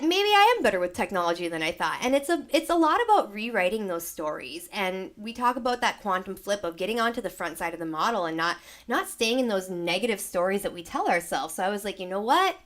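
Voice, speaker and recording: A woman's voice: medium pitch, lively intonation, fast, hardly any pauses, fairly bright tone. A young woman hosts a live sound healing session from her home studio, talking casually to her viewers. She rambles in a loose, chatty way and acts out her own past thoughts as she tells a story. She still sounds a little worn down after being sick. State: recovering from illness, tired. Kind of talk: casual chat to a live audience.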